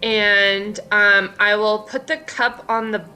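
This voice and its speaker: A woman's voice: mid-range voice, steady tone, slow, bright, forceful tone, faint music behind. A woman playing in a tabletop game, speaking hesitantly as she describes her actions. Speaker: player. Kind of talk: casual tabletop play.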